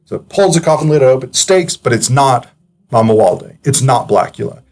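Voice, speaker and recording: A man's voice: medium pitch, animated, moderate pace, a little mellow. A man giving casual, analytical commentary as a film reviewer, chatty and digressive, with frequent hesitations.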